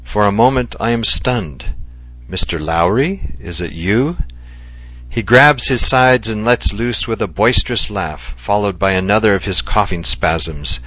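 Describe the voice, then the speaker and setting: A man reading a first-person story aloud in a measured, reflective way. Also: fairly low pitch, pushed and bright, no room sound. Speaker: narrator.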